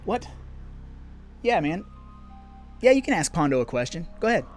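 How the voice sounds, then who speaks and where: A man's voice: fairly high pitch, sing-song, normal speed, over music. A man hosting a podcast interview, enthusiastic and freely swearing. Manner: enthusiastic, profane. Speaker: podcast host. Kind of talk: casual interview chat.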